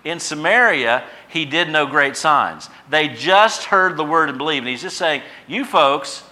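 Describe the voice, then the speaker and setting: A man preaching a sermon in a bright, forceful voice. He builds fervently on repeated lines, then eases into easy asides to his congregation. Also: a little high, animated, normal speed. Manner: impassioned preaching, swells loud on repeated phrases then drops quiet. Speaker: pastor.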